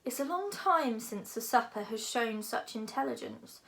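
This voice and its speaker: A woman's voice: fairly high pitch, lively intonation, normal speed, gravelly, a bit bright. A woman voicing a huge cheerful male dragon, philosophical and menacing, with a genial, pompous manner. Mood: musing.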